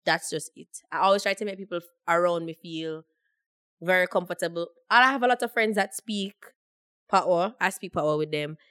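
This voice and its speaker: A woman's voice: lowish voice, a little fast, a bit bright, clean tone, no echo. A young woman co-hosting a podcast, explaining her views at length in a reflective, casual way. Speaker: podcast co-host. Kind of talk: casual chat.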